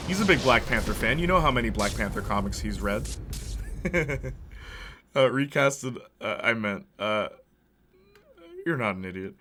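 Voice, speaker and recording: A man's voice: on the low side, sharp tone, slight background noise. A man streaming a video game, chatting casually and answering his chat. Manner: chatty, reads and answers chat, laughs often. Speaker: gaming streamer. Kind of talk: casual gameplay commentary.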